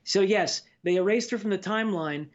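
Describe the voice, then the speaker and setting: High-voiced man on dull lo-fi audio. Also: brisk. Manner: opinionated, listing examples in a chatty way. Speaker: podcast guest. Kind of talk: casual chat.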